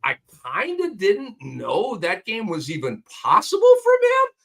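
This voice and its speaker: A man co-hosting a casual sports podcast, excitedly rattling off stat lines. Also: high-pitched, unhurried, gravelly. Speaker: co-host. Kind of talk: casual fantasy basketball podcast chat.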